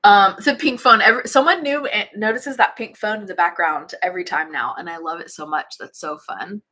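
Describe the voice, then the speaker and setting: A woman's voice: mid-range voice, a little fast, sharp tone. A woman hosting a casual livestream, chatting bubbly with viewers and yawning often. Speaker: spiritual channel host. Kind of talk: casual livestream chat reading comments. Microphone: phone or webcam livestream.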